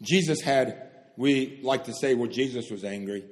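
A man preaching a sermon with fervour, swinging from loud emphatic stresses to hushed, solemn lows. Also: moderate pace. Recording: long hall reverb.

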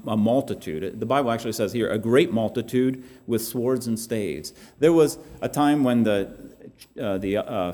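A man's voice: medium pitch, a little mellow. A man preaching a sermon in a church, earnest and often restarting his phrases. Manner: earnest, halting with repeated restarts. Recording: long hall reverb.

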